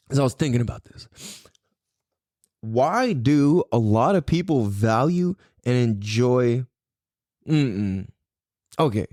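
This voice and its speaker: Man, podcast host, rambling monologue, swears and laughs, lively up-and-down pitch, slow unhurried delivery. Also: no echo, studio quality.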